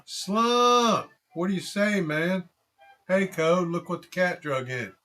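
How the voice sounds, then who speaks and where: A man voicing an excitable young rural man with a folksy drawl, eager and loud, in an audiobook reading. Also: sits high, slow pace, soft background music, pitched above the performer's own voice, exaggerated voice. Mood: excited.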